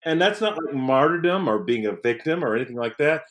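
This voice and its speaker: A male podcast host speaks in a reflective, affirming way. His delivery is conversational and measured. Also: medium pitch, animated, fairly bright tone, rough recording. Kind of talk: casual conversation.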